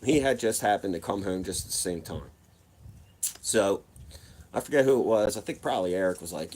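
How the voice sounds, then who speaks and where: A lower-voiced man tells a story straight to camera. He rambles and swears freely, acting out the other people in his tale. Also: moderate pace. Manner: profane, rambling, animated retelling. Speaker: vlogger telling a personal story. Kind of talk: casual storytime monologue.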